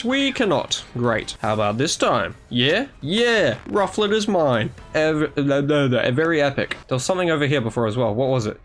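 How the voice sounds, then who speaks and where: Excitable young man narrating his gameplay. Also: fairly high pitch. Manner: chatty, excitable, talks to the creatures on screen. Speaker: gaming YouTuber. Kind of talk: casual let's-play commentary.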